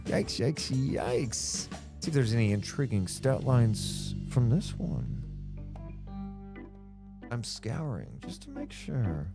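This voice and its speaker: A man's voice: mid-range voice, wildly swooping pitch, slow, creaky, music in the background. A man co-hosting a casual basketball podcast, reading out stat lines and running a playful guessing game. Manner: runs through stats conversationally, playful quiz host. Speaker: podcast co-host. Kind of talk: casual sports podcast chat.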